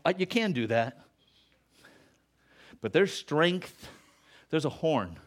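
A middle-aged male pastor preaching a sermon in church, earnest, rising in emphasis then dropping soft, closing in prayer. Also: fairly high pitch. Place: church sanctuary.

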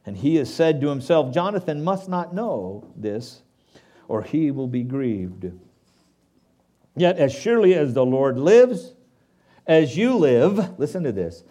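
Animated male pastor preaching. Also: on the high side. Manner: animated, asides to the congregation. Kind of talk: sermon with scripture reading.

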